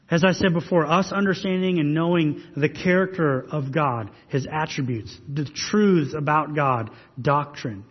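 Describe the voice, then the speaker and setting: A pastor delivering a sermon, preaching earnestly and pressing his listeners with rhetorical questions. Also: fairly high pitch. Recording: husky voice in long reverb hall, dull sound.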